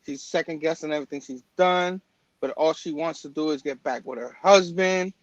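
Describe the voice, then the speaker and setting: A man's voice: a little high, moderate pace, no echo, dull audio. A man hosting a casual comic book talk show, rambling with lots of fillers and restarts. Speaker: podcast host. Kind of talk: casual chat.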